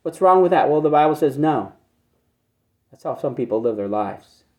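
Male pastor, fairly high voice, conversational sermon, rhetorical questions, repeats phrases for emphasis. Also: lively intonation, normal speed, dark tone. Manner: asks the listeners frequent rhetorical questions.

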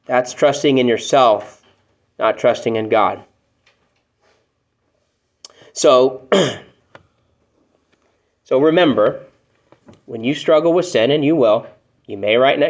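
A man's voice: mid-range voice, slow, long pauses. A man preaching a sermon to a room of people, talking to them plainly and often asking them rhetorical questions. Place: church room with congregation.

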